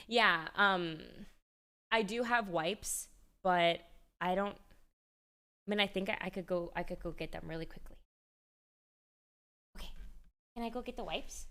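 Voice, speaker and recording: A woman's voice: medium pitch, a little slow, pauses often, a bit bright. A woman livestreamer in casual chat, rambling with frequent restarts and easy laughter. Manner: chatty and rambling, restarts often, laughs easily.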